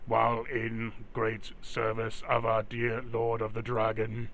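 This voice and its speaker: A man voicing a stiff male security robot that speaks in clipped, monotone machine commands. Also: on the low side, unhurried, slight background noise. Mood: robotic. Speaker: game master.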